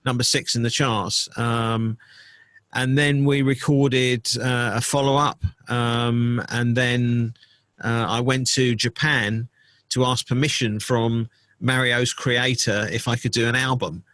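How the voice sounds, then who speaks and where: A middle-aged man, a DJ and producer, recalling his career in a casual interview, relaxed and full of fillers. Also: medium pitch, takes it slowly, no echo. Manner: relaxed storytelling with many fillers.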